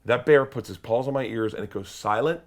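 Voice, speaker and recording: Man telling a loud, animated story. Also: mid-range voice, brisk. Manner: loud, excitable, swearing, breaks into shouted quotes. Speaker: interview guest.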